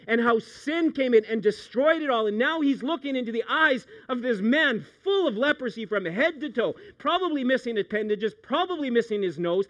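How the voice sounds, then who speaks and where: A middle-aged man, a pastor preaching a sermon, animated, moving from hushed storytelling to loud outbursts. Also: very high-pitched, lo-fi sound.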